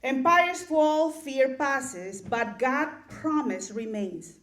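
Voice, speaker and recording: A woman delivering a sermon in a slow, deliberate way, reading scripture in a measured cadence and repeating key lines for emphasis. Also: a little high, animated, a bit bright. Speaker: clergy member giving a sermon. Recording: roomy echo of a large room.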